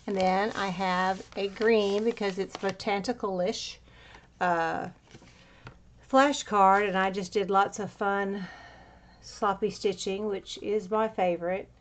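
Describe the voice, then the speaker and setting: Flipping through a handmade journal, a crafter talks casually and rambles, dropping fillers and sounding a little winded. Her mid-range voice keeps a steady tone at a slow pace, against slight background noise.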